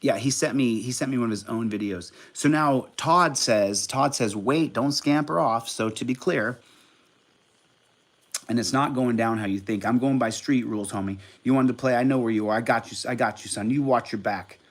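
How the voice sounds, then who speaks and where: A man hosting a livestream, reading out texts and commenting in a casual, profane, combative way that swings between loud outbursts and low mutters. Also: moderate pace. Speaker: livestream host.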